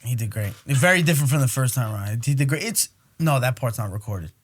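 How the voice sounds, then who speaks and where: A man's voice: mid-range voice, lively intonation, quick pace. A young adult man hosting a podcast, telling stories in casual chat with lots of swearing and acted-out quotes. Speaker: podcast host.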